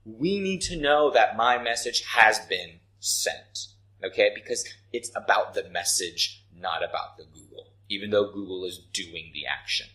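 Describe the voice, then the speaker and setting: A man in the middle of a business English lesson. His pitch rises and falls a lot as he walks through example sentences. He keeps stopping to ask "right?" or "okay?" to check that the listener follows. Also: lively intonation, measured pace, sharp tone, low-quality recording. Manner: explains with examples, asks frequent "right?" and "okay?". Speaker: English teacher. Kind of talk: explaining a writing lesson.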